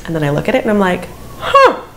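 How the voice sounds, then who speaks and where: A woman in her thirties tells a story straight to camera in a relaxed, chatty way. She is animated and expressive, and her voice leaps up in pitch whenever she plays out what people said. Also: racing, slight background noise. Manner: animated, chatty, acts out quotes with big pitch jumps. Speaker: vlogger. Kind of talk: casual storytime chat.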